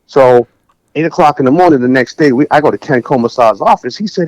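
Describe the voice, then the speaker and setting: A middle-aged man from Massachusetts, a music producer and guest, telling his story in a casual interview in a lively way and acting out what people said. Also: medium pitch, fast talker, no echo, dull audio. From New Bedford, Massachusetts. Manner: animated storyteller who acts out quotes.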